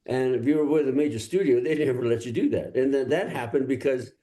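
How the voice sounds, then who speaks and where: An older male singer-songwriter from Los Angeles, telling stories in a relaxed interview and laughing often. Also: mid-range voice, fast. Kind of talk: casual interview talk.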